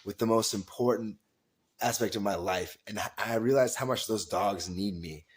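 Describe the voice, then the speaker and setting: A man voicing a distraught woman customer in a low, subdued and halting way. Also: breathy edge.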